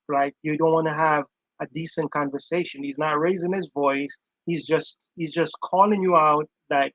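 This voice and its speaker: A man's voice: fairly high pitch, normal speed, fairly bright tone, no echo, dull audio. A man giving casual, emphatic commentary on a live stream, reacting to audio he plays and repeating his points. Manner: emphatic, chatty, repeats himself.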